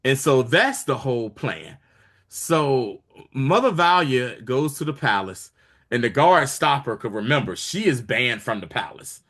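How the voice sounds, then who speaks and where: A man's voice: medium pitch, big pitch swings, unhurried, fairly bright tone. A man casually retelling a TV episode to his co-host, acting out the characters' lines in shifting voices. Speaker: podcast co-host recapping a show. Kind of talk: casual chat.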